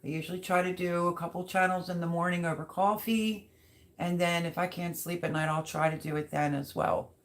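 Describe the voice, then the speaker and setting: A woman's voice: lowish voice, fairly even intonation, brisk. Chatty woman hosting a live stream. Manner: chatty, rambling, talks straight to viewers. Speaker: livestream host reading chat. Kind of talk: casual live-stream chat.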